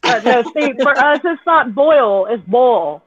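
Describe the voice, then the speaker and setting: A blunt woman chats casually and swears without a second thought. Her voice is very high and comes through a thin, tinny phone-like line. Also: normal speed, a loud crowd. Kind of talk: casual chat.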